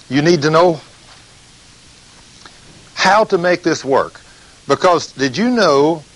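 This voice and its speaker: A man preaching a sermon, reading scripture slowly and telling stories with emphasis. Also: on the high side, a bit bright, low-quality recording.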